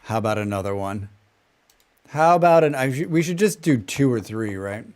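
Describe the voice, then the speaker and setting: A man streaming a game, talking in a relaxed, rambling way with a flat General American accent. His voice is smooth and clean, sitting at an ordinary middle pitch. Between thoughts he hums and scats little tunes to himself. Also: moderate pace. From western United States. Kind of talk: casual chat while gaming and reading chat.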